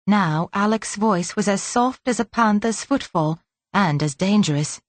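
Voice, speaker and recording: A woman's voice: medium pitch, lively intonation, measured pace, dry recording. A woman narrating an audiobook in a light, lilting read on a close microphone. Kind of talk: scripted narration.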